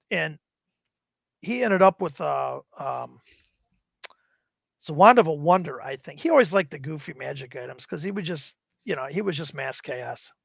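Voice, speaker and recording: A man's voice: on the high side, vocal fry, no room sound. A man in his fifties casually telling rambling tabletop gaming stories as a guest on a live stream. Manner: rambling, animated retelling with acted quotes. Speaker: guest gamer. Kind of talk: casual storytelling. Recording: dull lo-fi stream audio.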